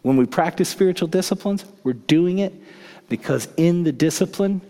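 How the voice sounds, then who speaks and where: A man preaching a sermon as pastor. His delivery is dynamic, swinging from hushed to emphatic. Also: on the high side, normal speed. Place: church sanctuary. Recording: long reverb of a large church hall.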